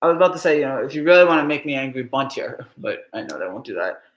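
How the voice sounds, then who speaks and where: A man's voice: mid-range voice, very animated, fast talker, fairly bright tone, roomy sound. Anxious sighing male sports fan. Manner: anxious, pleading, heavy sighs. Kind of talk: live game reaction stream.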